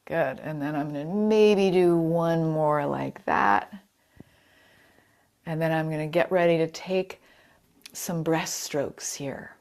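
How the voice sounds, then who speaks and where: A woman leading a chair yoga class over a video call, calm and encouraging as she cues breaths and movements. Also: low-pitched. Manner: calm, encouraging, greets participants by name. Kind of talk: guided yoga class instruction.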